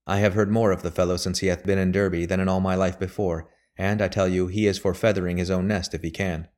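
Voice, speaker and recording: A shrewd elderly lawyer with a very deep, grave voice, read by a man. He talks in measured, emphatic sentences. He sounds bitter and certain. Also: level tone, darkish tone, lightly acted. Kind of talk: audiobook character voice.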